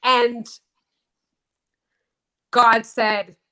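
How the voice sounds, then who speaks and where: High bright-voiced woman telling her story. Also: flat delivery. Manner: emphatic, repeats key phrases slowly. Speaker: guest. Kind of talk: emotional personal storytelling.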